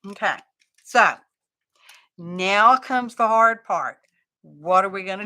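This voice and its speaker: A woman chats through a craft livestream, thinking out loud as she works. Her voice is bright and clear, and she takes her time, drawling through relaxed, folksy asides. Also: medium pitch, takes it slowly, long pauses. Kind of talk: casual craft livestream chat.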